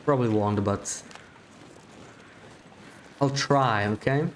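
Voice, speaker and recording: A man's voice: mid-range voice, slow, slight background noise. A man giving live gameplay commentary as a streamer, chatting to his viewers, thinking aloud and laughing often.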